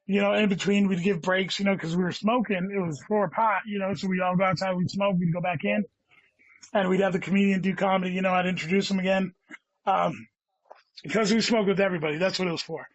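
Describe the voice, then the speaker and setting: High-voiced man rambling with constant swearing. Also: fairly even intonation, quick pace, no echo. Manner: rambling, heavy swearing, says "dude" constantly. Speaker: guest comedian. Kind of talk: casual storytelling chat. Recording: dull lo-fi sound.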